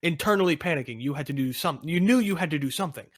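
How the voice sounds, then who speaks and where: A man's voice: a little high, animated, racing, dry recording, clean studio sound. A man co-hosting a podcast, narrating a fan fiction aloud in an amused, playful way. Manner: amused, breaks into laughter between lines.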